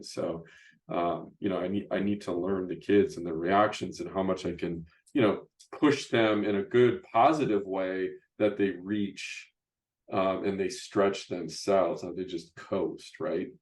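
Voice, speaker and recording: Middle-aged male host, low voice, loose conversational delivery full of restarts. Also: darkish tone. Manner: rambling, frequent restarts and "you know, right?" tags. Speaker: podcast host and youth basketball coach. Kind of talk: casual interview chat.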